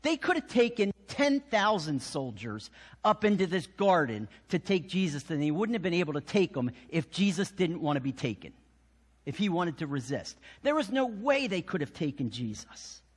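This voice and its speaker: A man preaching a sermon in a church sanctuary, his voice set fairly high and swinging widely in pitch. He acts out voices, then drops to a hush. His words ring out in a long church reverb. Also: moderate pace, breathy edge. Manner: animated storytelling, acting out voices with sudden drops to a hush. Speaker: pastor.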